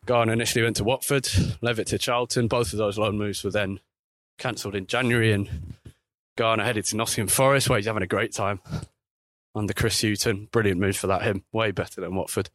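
A man's voice: brisk, no echo. A man reporting on football while walking outdoors, chatting casually and correcting himself as he goes. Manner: chatty, self-correcting, lively pitch swings. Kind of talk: walking vlog commentary. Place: outdoors by a street.

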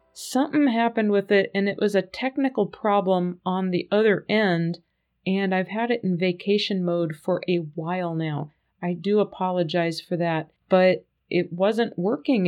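A woman's voice: medium pitch, darkish tone. A woman hosting her own podcast from a home studio, talking alone in an upbeat, chatty way and often exclaiming to herself. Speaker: podcast host. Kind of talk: solo podcast chat.

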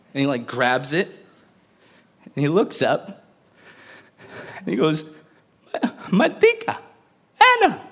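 A man's voice: medium pitch, a bit bright. A man doing stand-up, chatty and telling a family story while laughing through his own punchlines. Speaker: stand-up comedian.

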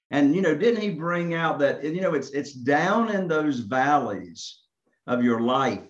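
Casting: lively man telling a story, fairly high voice, acts out calls; echoey, dull recording. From Eastern North Carolina. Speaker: real estate investor guest. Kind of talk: storytelling in a podcast conversation.

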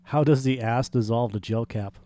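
A man's voice: medium pitch, moderate pace, mellow. A man co-hosting a comedic podcast, reading a listener's post aloud in a mock-formal way and laughing at crude jokes. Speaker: podcast co-host.

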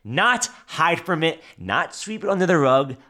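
A man's voice: on the high side, lively intonation, unhurried, pushed and bright. A man hosting a motivational podcast, talking straight to the listener and repeating phrases for emphasis. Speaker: podcast host.

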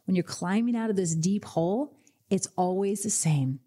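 A woman financial advisor hosting a radio finance show, telling lively client stories and acting out their reactions. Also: medium pitch, normal speed. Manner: energetic storyteller, acts out client voices.

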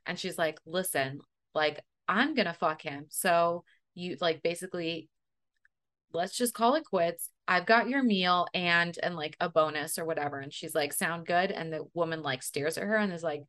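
A young adult woman chatting casually, telling animated stories and acting out quotes. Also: fairly low pitch, moderate pace. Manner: animated storyteller, acts out quotes. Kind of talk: casual chat.

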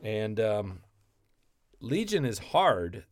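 A man in a relaxed podcast chat about actors and TV shows, rambling and animated with lots of restarts. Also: on the low side, very slow, dry recording, clean studio sound.

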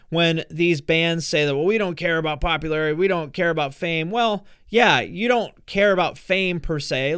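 A man's voice: high-pitched, a bit bright, clean tone, no room sound, studio quality. A man hosting a podcast, giving frank, casual advice and chatting with a guest, swearing now and then. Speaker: podcast host.

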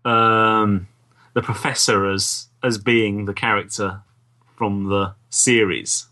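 Bright-toned man musing. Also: fairly low pitch, takes it slowly. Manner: relaxed, agreeable, rambling sentences. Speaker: podcast co-host. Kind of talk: casual chat.

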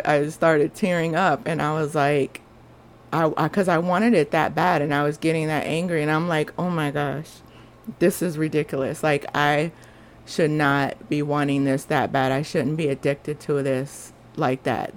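A woman, hosting a podcast and telling a personal story in an earnest, confessional, chatty way. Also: deep voice. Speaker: podcast host.

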